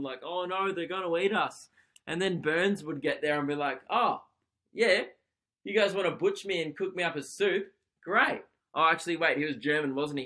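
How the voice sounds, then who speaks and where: A man's voice: on the high side, pushed and bright. A young man hosting a solo comedy podcast, rambling and laughing at his own jokes.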